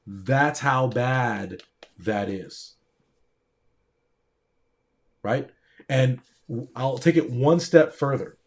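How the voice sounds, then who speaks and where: A man's voice: medium pitch, drawn-out words, pauses often. Earnest storytelling man, emphatic. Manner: earnest, emphatic, repeats phrases for stress. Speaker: doctor. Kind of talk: candid storytelling monologue.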